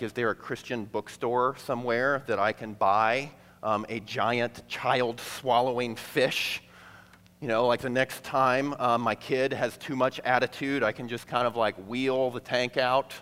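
A man preaching a sermon to a congregation, conversational and playful, acting out quick asides between the teaching. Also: mid-range voice, expressive, fairly bright tone. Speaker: pastor. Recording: long hall reverb.

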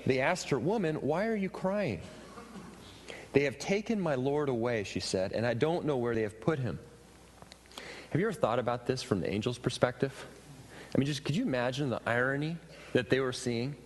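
A man preaching a sermon, retelling a scripture passage with expressive, emphatic questions. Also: mid-range voice, a little fast. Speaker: pastor. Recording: reverberant hall with faint ambient noise.

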